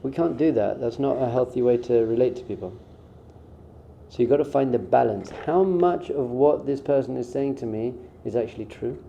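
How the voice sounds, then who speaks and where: A man's voice: mid-range voice, normal speed, creaky, dark tone, slight background noise. A man who is a rabbi, giving a conversational spiritual talk in an informal way and acting out short quoted exchanges. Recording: dull, muffled sound.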